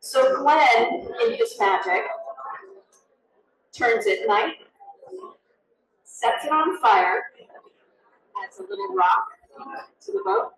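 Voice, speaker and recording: A woman tells stories at a memorial tribute, bringing the people she quotes to life with their own voices. Her voice sits a little high and swings widely in pitch. She is picked up from some distance in a room with a lot of echo. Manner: animated, acts out quoted voices. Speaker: tribute speaker. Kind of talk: anecdotal storytelling at a memorial. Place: event room.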